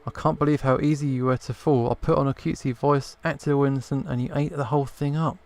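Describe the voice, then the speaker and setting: A man's voice: medium pitch, fairly even intonation, fast, a little mellow, close to an everyday voice. A man voicing a haughty, contemptuous noblewoman in a video game, delivering cutting lines. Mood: scornful.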